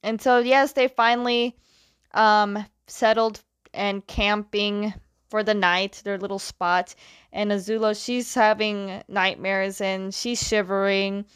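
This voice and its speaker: A woman's voice: mid-range voice, slow pace, clean tone, no room sound, clean studio sound. Chatty woman retelling a story. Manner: chatty and animated, many "like"s. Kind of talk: casual plot retelling.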